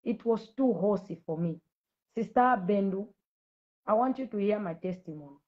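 A woman's voice: medium pitch, expressive, normal speed, muffled recording. A woman in her late thirties giving a fervent live-stream testimony, preaching and scolding commenters directly. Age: late 30s. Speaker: Christian ministry host.

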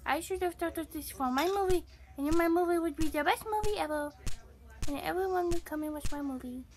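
Woman doing a bragging puppy, high voice, giddy, loud shouts, sudden whispers. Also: fairly quick. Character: silly boastful young puppy. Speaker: channel host. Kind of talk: gameplay commentary in character.

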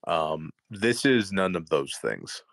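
A man hosting a casual podcast chat, relaxed and quick to laugh. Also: deep voice, creaky, noisy background. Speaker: podcast host.

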